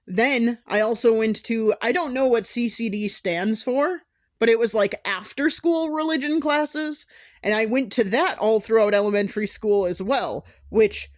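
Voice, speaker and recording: A woman's voice: fairly high pitch, measured pace. A young adult woman talking candidly in a personal vlog, emotional, with sighs and restarts. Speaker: vlogger.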